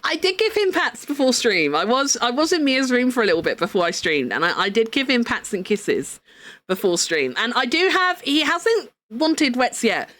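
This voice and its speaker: Lively woman streamer. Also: fairly high pitch, normal speed, no room sound. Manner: excitable, swears a lot, laughs often. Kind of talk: casual live-stream chat. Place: home room at a desk.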